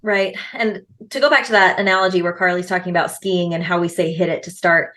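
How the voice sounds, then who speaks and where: A woman's voice: fairly low pitch, steady tone, fairly quick, a bit bright. A woman in her thirties co-hosting a podcast, talking casually and upbeat. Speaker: podcast co-host.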